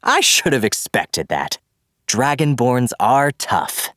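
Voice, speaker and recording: A man's voice: mid-range voice, big pitch swings, slow, a bit bright, no room sound, studio quality, voice pushed up. A man voicing a composed, cackling male assassin who mocks his young opponent in a storybook reading. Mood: mocking. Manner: mocking and taunting.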